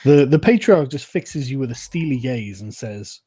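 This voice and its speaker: Calm, husky game master man. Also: medium pitch, moderate pace. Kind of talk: narrating a tabletop game.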